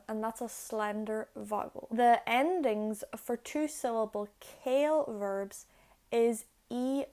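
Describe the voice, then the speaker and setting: A young woman with a fairly high voice teaches a grammar lesson to camera. She explains patiently and clearly, one step at a time. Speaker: Irish language teacher. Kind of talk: video lesson.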